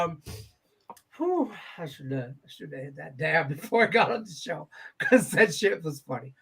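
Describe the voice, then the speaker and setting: A man's voice: on the high side, very animated, normal speed, creaky, a bit bright, husky. A man hosting a sports betting show in casual, profane, rambling chat, laughing easily.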